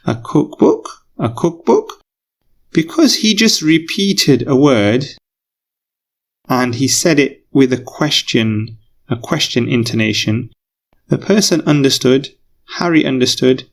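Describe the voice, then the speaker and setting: A man's voice: mid-range voice, expressive, unhurried. A male English teacher explaining a lesson patiently, repeating key phrases for learners.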